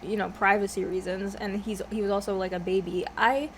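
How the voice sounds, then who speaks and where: A woman's voice: medium pitch, level tone, fairly quick, slight background noise. Rambling, swearing young woman vlogger. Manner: rambling, scatterbrained, swears a lot, laughs often. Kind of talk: casual mukbang chat.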